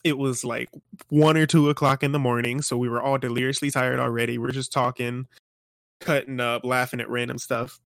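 A man's voice: mid-range voice, level tone, a little fast, vocal fry, no room sound, clean studio sound. A young man co-hosting a casual gaming podcast, telling a funny story at an easygoing pace. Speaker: podcast co-host.

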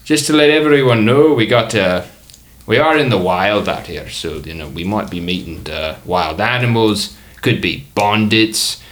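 A man's voice: on the low side, moderate pace, fairly bright tone, lightly acted. A man voicing a boisterous male cruise captain, upbeat and salesman-like. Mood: cheery.

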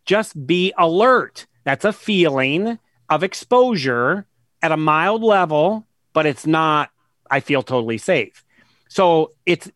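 Speaking with fairly high pitch and a slightly bright tone, a man appears as a guest author in an interview, earnestly pressing his ideas. He slows down on important words and retells conversations as examples. The sound is dry and studio quality.

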